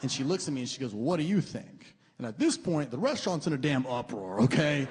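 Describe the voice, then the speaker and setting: A young man doing a stand-up comedy set, animated and mocking, with loud comic outbursts and put-on voices. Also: mid-range voice, fast talker. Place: comedy club stage with a laughing audience. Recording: long hall reverb, faint room noise.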